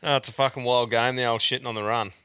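A man's voice: mid-range voice, steady tone, fast talker, pushed and bright, smooth, no echo, clean studio sound. An Australian man hosting a podcast, leading laid-back banter with his guest. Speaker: podcast host. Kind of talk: casual chat.

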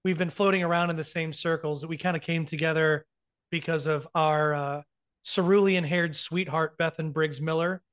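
Enthusiastic man, fairly high voice. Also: steady tone, normal speed, clear, resonant tone. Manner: warm, enthusiastic introductions, fond of y'all. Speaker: podcast host. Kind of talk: podcast intro and interview.

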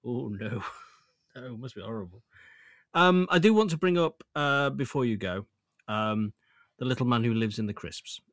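A man's voice: medium pitch, animated, a bit bright, no echo. Chatty male podcast host, playful banter, dry studio sound. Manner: chatty and playful, quick to laugh. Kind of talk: casual podcast chat.

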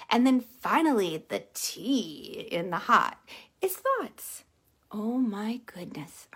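A woman hosting a casual motivational livestream, telling stories animatedly and dropping to a soft hush on key points. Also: fairly high pitch, breathy edge. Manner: animated storytelling with acted-out quotes. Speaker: live stream host, empath coach.

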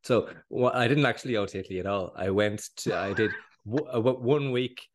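An Irish man co-hosting a podcast in casual chat, slightly hoarse from a cold, rambling and laughing often. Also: lowish voice, fairly quick. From Ireland. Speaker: podcast co-host.

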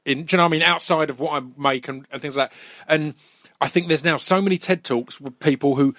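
A man's voice: a little high, fast talker, a bit bright, no echo, studio quality. A man talking frankly and casually on a podcast, sweary and rambling.

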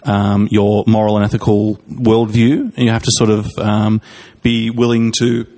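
A man in casual podcast chat, talking in a measured, hesitant, dry way. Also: on the low side, flat delivery, darkish tone. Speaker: podcast co-host.

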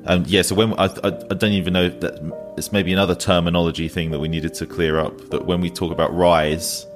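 A man's voice: deep voice, little pitch movement, fairly quick, over music. A man co-hosting a podcast, chatting and teasing his co-hosts. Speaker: podcast co-host. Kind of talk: casual chat.

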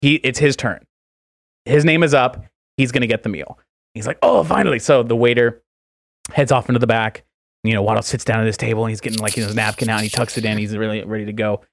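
A man's voice: on the low side, flat delivery, fast talker, no echo. A man co-hosting a podcast, telling a long joke in a rambling style full of fillers. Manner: rambling, filler-heavy storytelling. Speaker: podcast co-host.

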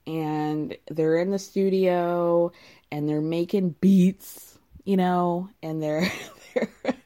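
A woman's voice: lowish voice, fairly even intonation, slow, dark tone. A young adult woman recapping a reality show in casual, wry chat, laughing often.

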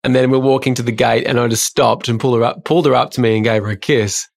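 A man's voice: medium pitch, fairly even intonation, quick pace, vocal fry. A man co-hosting a podcast, telling stories in a casual, self-deprecating way. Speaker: podcast co-host. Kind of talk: casual conversation.

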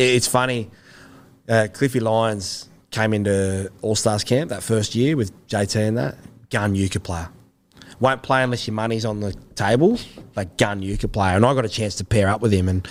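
A man in his thirties with an Australian accent, a former rugby league player telling rambling stories in a relaxed interview. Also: on the low side. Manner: laid-back, rambling anecdotes with slang. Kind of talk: casual interview storytelling.

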